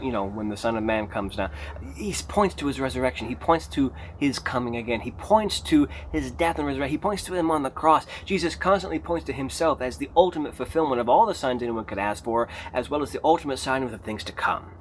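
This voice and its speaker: Male pastor preaching off the cuff, expressive delivery with big pitch swings, faint hiss behind. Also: quick pace. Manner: animated, emphatic, rising to a near shout on key points. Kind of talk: unscripted sermon.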